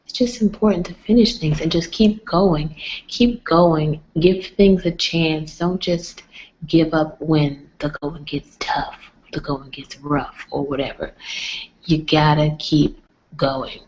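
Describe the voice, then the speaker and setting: Woman talking low and slow at night. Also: darkish tone, slight background noise. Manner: keeps her voice down, often near a whisper. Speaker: vlogger hosting a late-night live stream. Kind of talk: casual live-stream chat with motivational talk. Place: home at night with others asleep. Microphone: computer mic on a live video stream. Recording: dull lo-fi stream audio.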